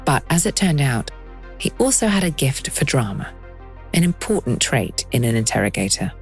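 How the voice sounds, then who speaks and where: A woman hosting and narrating a documentary podcast in a measured, lightly wry scripted style. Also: rumbling low, very animated, soft background music.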